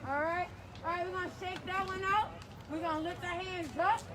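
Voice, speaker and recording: A woman's voice: extremely high pitch, fairly even intonation, a little fast, very noisy. A woman leading a crowd through stretches at an outdoor rally, joking and chatty as she calls out moves. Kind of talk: playful outdoor crowd instruction.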